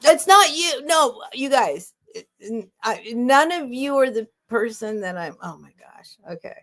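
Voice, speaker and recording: A woman's voice: high-pitched, expressive, measured pace, a bit bright. A middle-aged woman hosting a casual live sale stream, talking in a chatty, rambling way with emotional asides.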